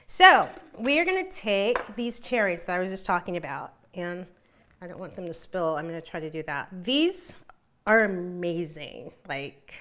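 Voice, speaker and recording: A woman's voice: medium pitch, a bit bright, dull audio, a little hiss or hum. Giggly woman hosting a cooking show. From Northern California. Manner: chatty and giggly, laughs often. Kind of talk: casual live cooking demo.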